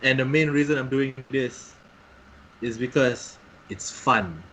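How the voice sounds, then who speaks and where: A man's voice: mid-range voice, measured pace, sharp tone, a little hiss or hum, rough recording. A man playing a tabletop wrestling game, giving short, laid-back answers. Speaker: player. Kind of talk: tabletop role-play.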